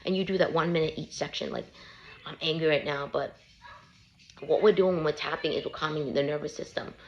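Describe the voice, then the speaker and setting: A woman who is a parent holds her phone and records herself giving self-help advice to camera, coaching in a casual, earnest, repetitive way. Her voice is low and steady, she speaks briskly, and the sound is lo-fi.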